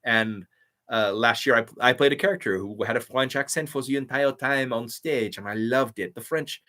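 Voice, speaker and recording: A man's voice: mid-range voice, normal speed, pushed and bright. A male voiceover artist hosting a casual live stream, answering viewer comments in an eager, chatty and grateful way.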